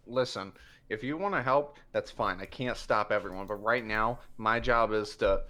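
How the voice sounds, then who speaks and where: Bright-voiced man running a tabletop game. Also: fairly low pitch. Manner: halting, filler-heavy narration with quick voiced asides. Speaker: game master.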